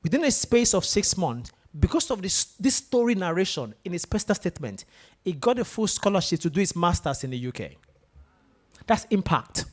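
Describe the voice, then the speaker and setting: Lively, animated male motivational speaker. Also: sits high, a little fast. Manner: animated, asks the room questions. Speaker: guest speaker. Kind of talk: motivational talk to students. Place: lecture room with an audience.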